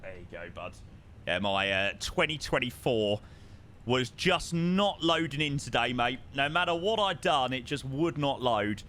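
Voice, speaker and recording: Southern english guy streaming, bouncy lively voice, swears a lot, chats with viewers. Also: medium pitch, unhurried. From southern England. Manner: chatty, swears freely, reads out viewer chat. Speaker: flight sim streamer. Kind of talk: casual live-stream chat.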